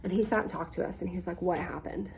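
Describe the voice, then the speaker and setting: Young woman, lowish voice, chatty storyteller who acts out quotes. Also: fast talker, creaky, a little hiss or hum. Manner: animated, acts out quoted people, frequent ums. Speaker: YouTuber. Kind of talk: casual storytime.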